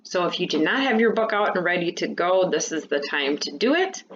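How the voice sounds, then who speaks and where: A woman teacher giving a remote lesson to fifth and sixth graders, explaining patiently and clearly. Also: fairly low pitch, sing-song, brisk, highs cut off, slight background noise.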